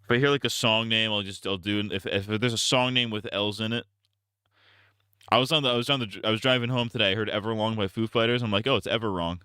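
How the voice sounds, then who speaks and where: A man's voice: fairly low pitch, fairly even intonation, fast, sharp tone, smooth, no echo, studio quality. A young man live-streaming, rambling crudely in casual commentary and joking as he goes.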